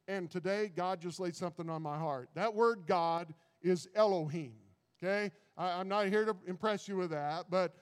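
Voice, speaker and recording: A man's voice: high-pitched, clean tone. A man preaching a sermon who stumbles and repeats words, building into fervent preaching.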